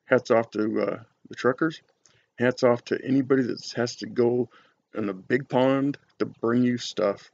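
A man's voice: medium pitch, steady tone, a little slow, gravelly, a little mellow, muffled recording. A man reviewing cigars on his vlog, chatting casually and telling rambling, folksy stories full of fillers.

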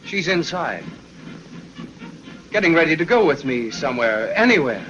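A man's voice: on the high side, very animated, moderate pace, a bit bright, muffled recording, a little hiss or hum. An actor playing a passionate, jealous young man who talks in an impassioned way, in 1930s film acting on an old soundtrack with music. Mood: defiant. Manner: impassioned, swings between pleading and rage.

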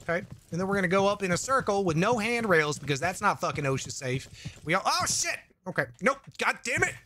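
A man plays a game and chats into a desk microphone, his voice high and bright as it swings up and down. He rambles with jokey asides, curses freely and reads viewers' chat aloud. A faint hiss sits under the recording. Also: sing-song, fast. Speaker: gaming YouTuber. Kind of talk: casual let's-play commentary.

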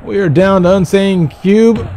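A man hosting a livestream, giving excited, profane play-by-play wrestling commentary with loud calls. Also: high-pitched, unhurried, a little hiss or hum. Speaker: livestream host.

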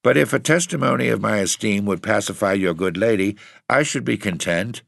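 A man's voice: on the low side, fairly quick, creaky, no room sound, studio quality, voice pushed up, full character voice. Captain Bartholomew Roberts, as a man puts on a genteel ghost pirate. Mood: cool. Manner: gentlemanly, unruffled.

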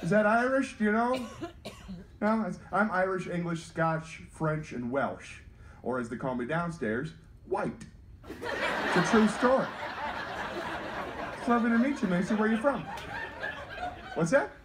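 A man's voice: high voice, unhurried, pauses often, background noise. A man from North Carolina doing stand-up comedy and playful crowd work.

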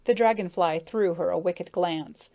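A woman's voice: on the low side, a little slow, mellow. Woman reading a storybook aloud. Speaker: audiobook narrator. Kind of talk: scripted storybook narration.

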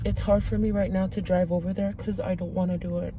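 A middle-aged woman vlogging to camera, talking softly and haltingly with many pauses and restarts. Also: fairly low pitch, flat delivery, distant mic, background noise. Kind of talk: personal vlog, talking to camera.

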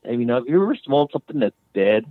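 A guest author tells a personal story in casual, rambling fashion, restarting often and leaning on "you know" and "man." His mid-range voice is sing-song and very fast. The recording has no echo and sounds like a phone-like remote line.

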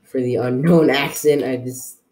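Young male gamer, casual rambling commentary, slow delivery, put-on unplaced accent for laughs. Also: mid-range voice, fairly even intonation, a little mellow. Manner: rambling, jokey, talks to viewers while playing. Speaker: gaming video creator.

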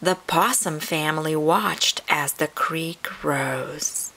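A woman reading a picture book aloud to children in an expressive storytelling manner. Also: low-pitched, takes it slowly, a little hiss or hum. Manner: warm, expressive read-aloud delivery.

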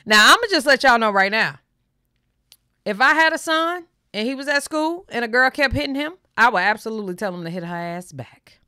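A woman's voice: a little high, animated, brisk, sharp tone, smooth, no room sound, studio quality. A woman hosting a reaction channel, giving blunt, opinionated commentary.

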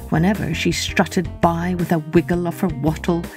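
A woman hosting a children's podcast, telling a story in an expressive, unhurried read-aloud manner. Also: on the low side, soft background music.

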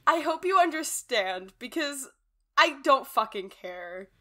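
A woman's voice: sits high, sing-song, takes it slowly, pushed and bright. A young adult woman co-hosting a casual podcast, emotional and blunt, swearing often and slipping between laughter and tears. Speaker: podcast co-host.

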